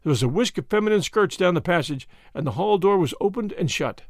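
A man narrates an audiobook with measured, expressive storytelling. His voice is high and very animated in pitch. The recording is dry and close. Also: no room sound. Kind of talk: scripted narration.

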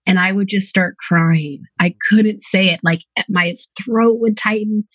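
Her pitch is fairly low and her tone fairly bright, delivered at normal speed with no room sound. She's a psychotherapist interviewed as a podcast guest, openly reflecting on stories from her life and her clients.

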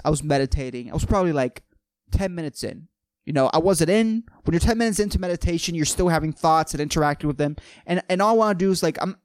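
A man's voice: fairly high pitch, no echo. A young man hosting a casual solo podcast, rambling, swearing and laughing at his own jokes. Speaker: podcast host.

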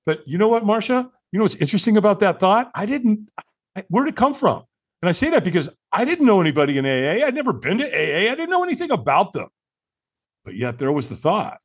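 A man in his sixties from the United States, a podcast guest telling his own story in an earnest, animated way with frequent fillers and restarts. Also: high voice, fast, breathy edge. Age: 60s. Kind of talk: conversational storytelling interview.

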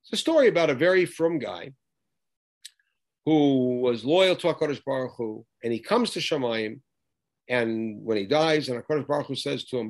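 A man's voice: medium pitch, moderate pace. A man teaching a lesson on scripture, posing rhetorical questions and acting out the quoted lines. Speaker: Bible teacher. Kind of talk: lecture on scripture.

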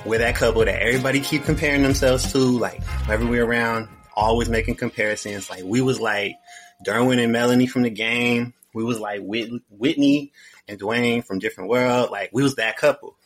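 A man's voice: medium pitch, steady tone, a little fast, a bit bright, soft background music. A young man telling a personal story in a casual, slangy way, often repeating his phrases.

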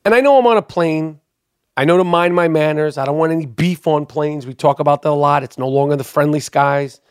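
A man hosting a podcast, rambling through a story with plenty of swearing and worked-up asides. His voice sits a little high for a man. It comes across dry and close on the microphone. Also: fairly quick, clear, resonant tone, no echo. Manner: rambling, profane, excitable storytelling. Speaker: podcast host. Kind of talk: casual storytelling monologue.

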